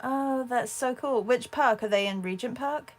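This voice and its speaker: A woman's voice: a little high, moderate pace. A woman hosting an art livestream, chatting casually and answering viewers as she paints. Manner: chatty, thinks aloud and answers viewers' comments.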